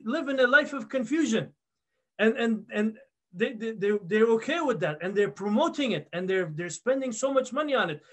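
A man preaching a conversational sermon, telling a story with lively repeated words and asides. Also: sits high. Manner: animated storytelling, acts out quoted voices.

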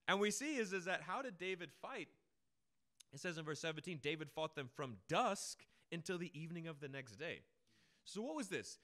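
A young man preaching a sermon, telling stories emphatically and dramatically, with big swings in loudness. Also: a little high.

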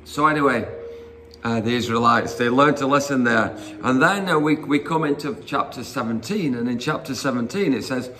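A man's voice: medium pitch, animated, normal speed, pushed and bright, a little hiss or hum. A man preaching an informal sermon, conversational and rambling with fillers and asides as he retells Bible stories.

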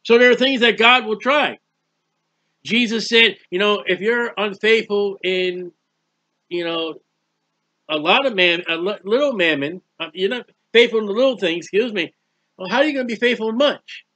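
A man's voice: high-pitched, normal speed, pushed and bright. A man giving a conversational Bible teaching, plain-spoken, repeating phrases and firing rhetorical questions. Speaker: preacher.

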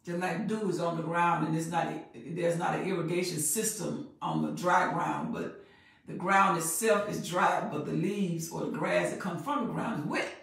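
A woman preaching a sermon in an emphatic, repetitive way that builds in loudness. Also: lowish voice, moderate pace, vocal fry. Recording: very echoey room, voice far from mic.

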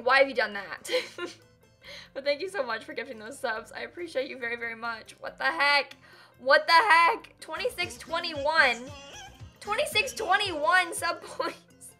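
A woman's voice: a little high, pushed and bright. A woman live-streaming a building game, chatting casually with her viewers, giggling and teasing herself as she works. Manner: chatty, giggly, self-mocking, talks to chat.

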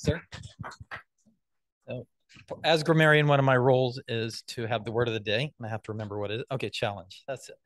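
A man's voice: medium pitch, dry recording. A man acting as grammarian, explaining the word of the day in a casual, self-deprecating way. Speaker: grammarian at a speaking club. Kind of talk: meeting role report.

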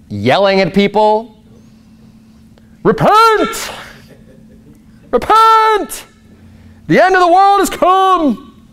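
A man pastor preaching a sermon, reading scripture slowly and explaining it in casual asides, with rhetorical questions that jump up in pitch. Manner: rises sharply in pitch for emphatic rhetorical questions.

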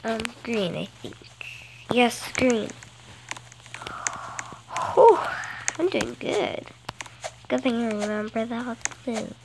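A woman's voice: a little high, expressive, takes it slowly, gravelly, pauses often, noisy background. A girl chatting playfully through a phone game, gasping and breaking into bits of song. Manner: playful and chatty, gasps and sings in bursts. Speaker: gameplay vlogger. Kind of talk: casual game commentary. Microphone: phone screen recorder.

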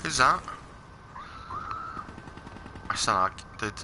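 A man's voice: mid-range voice, animated, extremely slow, background noise. A man streaming a game, chatting casually with other players, blunt and joking with plenty of swearing. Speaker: gaming livestreamer. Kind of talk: casual party chat while gaming.

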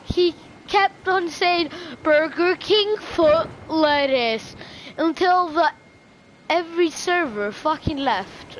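A woman giving gameplay commentary, full of profane, excitable trash talk. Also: high-pitched. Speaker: gamer. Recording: noisy game audio behind. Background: game sounds and gunfire.

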